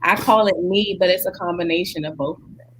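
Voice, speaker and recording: A woman's voice: fairly low pitch, fairly quick, soft background music, low-quality recording. A woman telling family anecdotes in a casual group chat, laughing through her stories. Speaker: guest, daughter.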